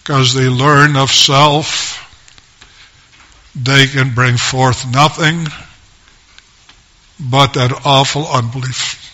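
Pastor, male, unhurried sermon delivery with a flat, bright, tense tone. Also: medium pitch. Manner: slow, measured preaching in short phrases with long pauses.

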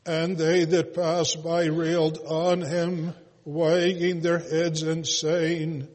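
A man reading scripture aloud in a solemn, slow, almost chanted way, with occasional hesitant pauses. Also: fairly high pitch, level tone, a little mellow. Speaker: scripture reader. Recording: long hall reverb.

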